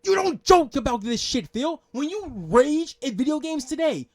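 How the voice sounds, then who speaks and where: Guy yelling and cussing thru a reaction rant, voice high and jumping all over. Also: very animated, moderate pace. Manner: yelling, profane, scolding. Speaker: reaction channel host.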